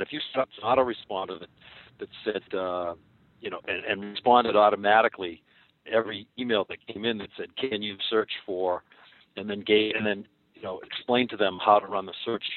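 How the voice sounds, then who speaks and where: A man's voice: on the low side, narrow, tinny audio. A man co-hosting a casual podcast, easygoing and teasing in tone. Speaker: podcast co-host.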